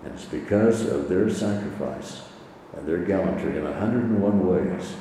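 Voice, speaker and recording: A man preaches in a low, mellow voice, earnest and measured, repeating his phrases for weight. He is recorded from a distance in a large hall with a long, echoing reverb and a faint room hiss behind him. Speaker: pastor. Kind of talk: sermon. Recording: echoey hall from far off.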